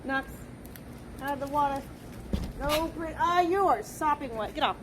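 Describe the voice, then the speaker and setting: A woman's voice: high voice, moderate pace, noisy background. A woman streamer talking casually to her dogs outdoors, cooing at them in baby talk.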